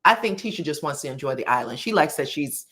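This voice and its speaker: Animated woman recapping reality TV. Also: low-pitched, quick pace. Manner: animated, slangy, acts out the quotes she retells. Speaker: YouTube reality TV reviewer. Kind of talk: casual recap commentary.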